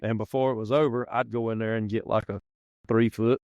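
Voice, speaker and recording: A man's voice: fairly low pitch, fairly even intonation, brisk, a little mellow, no echo, dull audio. A man, hosting a podcast and telling rambling, folksy stories in casual chat. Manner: folksy rambling storyteller, acts out quoted voices. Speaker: podcast host. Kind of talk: casual storytelling.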